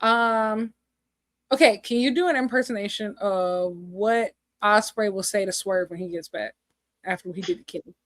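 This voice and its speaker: A woman's voice: medium pitch, normal speed, dry recording. A woman co-hosting a podcast, chatting casually and jokingly in slang. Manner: animated, jokey, slangy. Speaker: podcast co-host. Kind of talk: casual wrestling chat.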